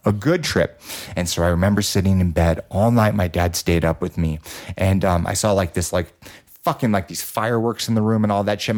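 A man's voice: low-pitched, a little mellow. Loose-talking man telling a story. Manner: loose, profane, filler-heavy storytelling. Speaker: podcast host. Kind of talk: casual storytelling chat.

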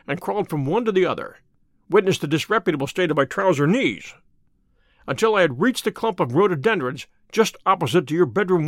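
Guy reading a cocky sharp detective, dry and brisk, voice kinda high and bouncy. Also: dry recording. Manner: brisk, dry and self-assured. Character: sharp, wry male detective, brisk and confident. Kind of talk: audiobook character reading.

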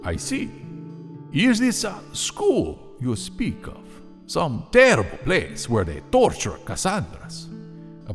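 A man's voice: medium pitch, big-room sound, pitched above the performer's own voice. A man voicing a friendly, enthusiastic male fruit bat who speaks with formal, old-fashioned courtesy, in a storybook reading. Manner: formal old-fashioned phrasing, gently curious. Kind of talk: audiobook character voice.

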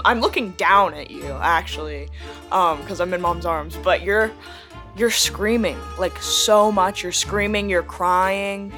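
A woman's voice: lowish voice, a bit bright. A teenage girl talking casually and rambling a bit, using "like" often. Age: teens. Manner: rambling, uses "like" a lot. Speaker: interviewee, sister. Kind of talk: casual recollection.

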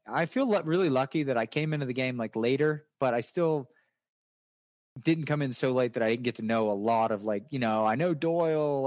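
A man's voice: mid-range voice, a little mellow, dry recording, clean studio sound. A man from West Virginia with a Southern accent, a poker player answering interview questions in a rambling, casual way. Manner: rambling, many restarts and fillers.

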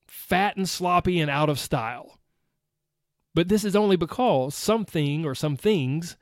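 A man's voice: fairly high pitch, no room sound, studio quality. A man hosting a motivational podcast, talking earnestly and acting out his listeners' objections. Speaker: podcast host.

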